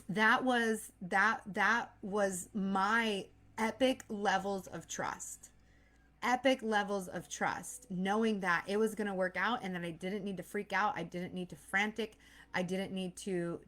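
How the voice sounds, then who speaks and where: She is in her thirties and expecting a baby, giving a casual, earnest motivational talk as a mindset coach and host while often voicing her anxious inner thoughts. Her mid-range voice is a bit bright, and her pace is slow.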